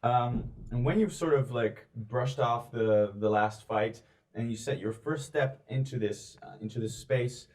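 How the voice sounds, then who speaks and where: Hesitant game master, full of ums. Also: male voice, medium pitch, measured pace, darkish tone. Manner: hesitant, filler-heavy narration. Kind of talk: narrating a tabletop game.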